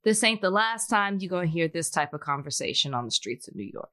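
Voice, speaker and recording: A woman co-hosting a casual chat, teasing and direct, quick to laugh. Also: fairly low pitch, lively intonation, pushed and bright. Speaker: podcast co-host.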